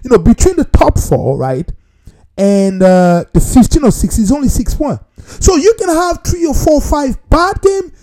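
A man giving a casual, animated football opinion monologue, repeating himself and talking straight to his viewers. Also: extremely high pitch, normal speed. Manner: animated, repetitive, talks straight to viewers as "people". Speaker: football commentator.

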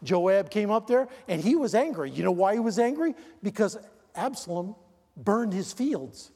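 An older male pastor preaching with a high-pitched voice, driving home words loudly and then dropping low and quiet. His sermon rings with a long reverb in a church sanctuary. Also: lively intonation, moderate pace, slightly rough. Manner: emphatic preaching, swings between loud stressed words and low quiet asides.

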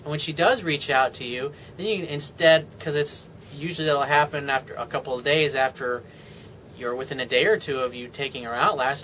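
Confident male dating coach, chatty advice monologue, bright and slightly high voice. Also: slight background noise, rough recording. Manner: confident, chatty, acts out sample dialogue.

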